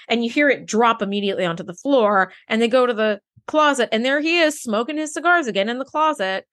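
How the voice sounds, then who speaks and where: A woman co-hosting a podcast, telling the story of an episode in loose, casual chat. Her voice sits a little high and swings widely in pitch as she acts out the characters' lines. Now and then she drops in a swear word. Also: animated, brisk, fairly bright tone. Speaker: podcast co-host.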